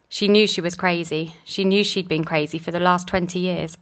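A woman with a voice on the low side narrates a novel chapter as an audiobook narrator, reading the scripted text in a steady, measured way.

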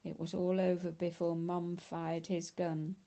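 A woman reading a blunt teenage boy at a camp in an audiobook. He speaks plainly, in a gravelly, dark voice. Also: lowish voice, flat delivery, measured pace.

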